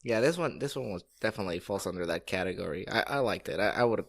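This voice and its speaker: A man co-hosting a podcast in laid-back casual chat, giving brief agreeing replies and halting with fillers. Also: fairly low pitch, lively intonation, gravelly, a bit bright, dry recording, clean studio sound. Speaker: podcast co-host.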